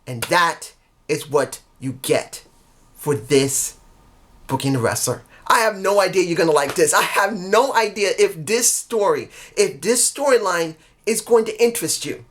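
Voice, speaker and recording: A man's voice: sits high, animated, unhurried, fairly bright tone. A man vlogging casually as a wrestling fan, rambling earnestly and often correcting himself mid-sentence. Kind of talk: casual solo storytelling vlog.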